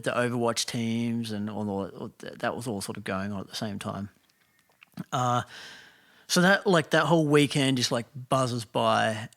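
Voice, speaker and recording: Aussie guy rambling thru a story, lots of ums n restarts, middle pitch. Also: fairly bright tone. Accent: Australian. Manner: rambling, many fillers and restarts. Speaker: podcast guest. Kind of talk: casual storytelling.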